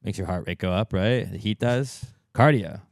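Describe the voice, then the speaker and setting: Speaking at normal speed with vocal fry, this podcast co-host tells stories in casual conversation. He acts out quotes animatedly, his pitch jumping widely, and the studio-quality recording is dry.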